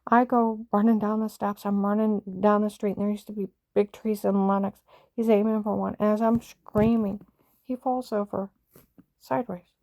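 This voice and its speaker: A woman's voice: mid-range voice, flat delivery, moderate pace, mellow, no room sound. A middle-aged woman recounting a painful family story in a rambling, emotional way, with many fillers and restarts. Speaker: mother telling her story. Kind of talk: casual personal storytelling.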